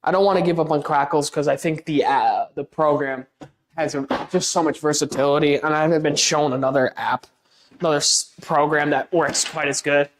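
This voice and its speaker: A woman's voice: sits low, fairly even intonation, a little fast, slight background noise. Woman streaming and just chatting w/ chat, rambly, restarts a lot, laughs at herself, painting while she talks. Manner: self-deprecating and laughing easily. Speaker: live streamer. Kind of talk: casual chat with a stream audience.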